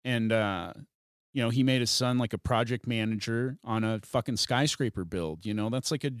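A comedian telling a profane, animated story in a casual podcast chat. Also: male voice, medium pitch, moderate pace, clean tone, dry recording, clean studio sound.

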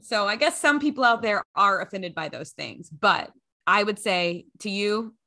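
Woman, podcast co-host, casual chat, playful quick asides, bright tone. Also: medium pitch, lively intonation.

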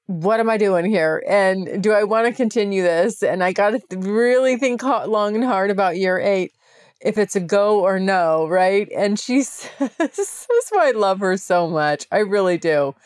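A woman's voice: medium pitch, lively intonation, measured pace, darkish tone, no echo, studio quality. A woman hosting her own podcast, talking casually and candidly to her listeners, with laughs and the odd swear word. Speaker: podcast host. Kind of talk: casual solo podcast monologue.

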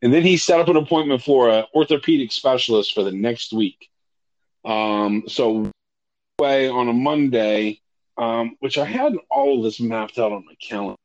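A man's voice: medium pitch, moderate pace, dull audio. A man casually telling a personal story, correcting himself often and swearing freely. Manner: profane, self-correcting, animated when retelling dialogue. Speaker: storyteller recounting a personal ordeal.

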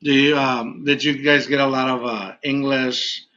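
A man's voice: medium pitch, level tone, moderate pace, pushed and bright. A man from Mexico hosting a casual podcast, laid-back and rambling with lots of fillers. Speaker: podcast host. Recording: dull lo-fi audio.

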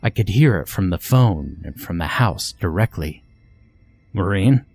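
Deep-voiced man narrating horror. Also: lively intonation, moderate pace, gravelly, a little mellow, husky. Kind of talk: scripted first-person narration. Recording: faint music underneath.

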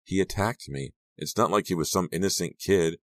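A man playing a calm, reassuring teenage girl. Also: low voice, moderate pace, no echo. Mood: insistent. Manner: coaxing, insistent, reassuring. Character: steady teenage girl, guilt-ridden but reassuring.

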